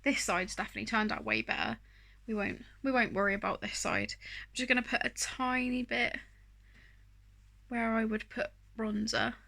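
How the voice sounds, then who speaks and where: A woman with a fairly high, animated, creaky voice that sounds pushed and bright talks at a normal speed. As a beauty vlogger, she chats casually through a makeup tutorial, rambling and self-deprecating, with plenty of fillers.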